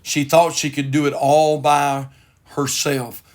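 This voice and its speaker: A man's voice: on the high side, flat delivery, slow. A man, a pastor hosting a broadcast, preaching in an earnest, repetitive way. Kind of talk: devotional broadcast sermon.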